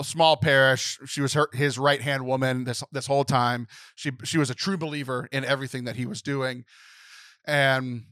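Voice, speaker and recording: A man's voice: medium pitch, no room sound. Man retelling a film on a podcast, dry sound. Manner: animated storyteller retelling a film plot, many fillers. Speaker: podcast co-host. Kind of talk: casual podcast chat.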